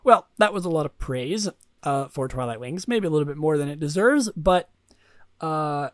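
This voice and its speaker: A man's voice: a little high, expressive, normal speed, fairly bright tone, dry recording. Rambling young man, dry close sound. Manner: rambling, repeats himself, many fillers and restarts. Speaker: podcast host. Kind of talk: casual solo podcast talk.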